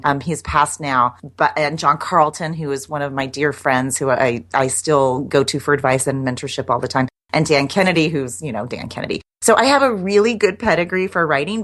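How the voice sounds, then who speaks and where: A middle-aged woman guest chatting in an interview, talking in a loose, self-deprecating way with frequent restarts. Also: deep voice. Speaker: guest, copywriter. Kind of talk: casual interview chat.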